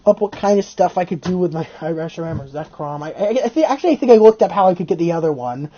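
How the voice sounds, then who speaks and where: Animated, swearing video host. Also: medium pitch, quick pace, dull audio. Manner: animated, excitable storytelling with frequent swearing. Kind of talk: casual chat.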